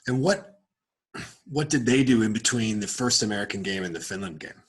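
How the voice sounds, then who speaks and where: A man's voice: lowish voice, lively intonation, fairly quick, slightly rough. A man interviewing a guest on a webinar, murmuring as he listens and asking questions with some hesitation. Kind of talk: conversational interview.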